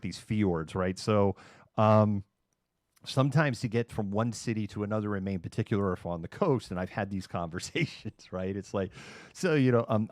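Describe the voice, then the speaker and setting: A man's voice: lowish voice, darkish tone, dry recording, clean studio sound. A middle-aged man from Massachusetts, hosting a livestream in casual, sarcastic chat. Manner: chatty, sarcastic, acts out quoted people. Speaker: livestream host. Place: home room.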